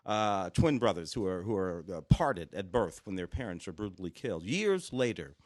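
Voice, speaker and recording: A man's voice: deep voice, sing-song, normal speed, a little mellow, no room sound, studio quality. A middle-aged man co-hosting a film podcast, rambling with many restarts in casual chat. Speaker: podcast co-host, film critic.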